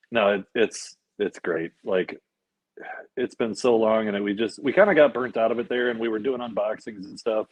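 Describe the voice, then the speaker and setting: A man co-hosting a livestream, speaking casually and haltingly, with many fillers. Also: lowish voice, no room sound, low-quality recording. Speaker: co-host.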